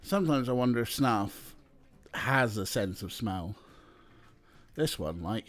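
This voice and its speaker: A man's voice: on the low side, normal speed. A young man streaming, chatting casually and talking to his cats as he plays. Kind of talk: casual live-stream chat.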